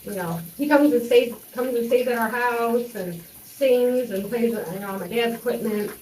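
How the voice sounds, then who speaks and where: A woman's voice: a little high, moderate pace, darkish tone, distant mic, slight background noise. Woman telling her story, rambling, echoey room. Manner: rambling, restarts and many fillers. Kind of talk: personal storytelling monologue. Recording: echoey room, voice off-mic, faint running water.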